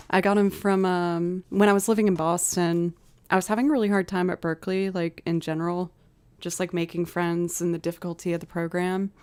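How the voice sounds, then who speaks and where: A woman's voice: lowish voice, darkish tone, clear, resonant tone. A woman in her thirties chatting on her live stream as a musician, telling stories with frequent giggles. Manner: chatty storytelling, giggles often. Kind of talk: casual live-stream chat. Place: home desk setup.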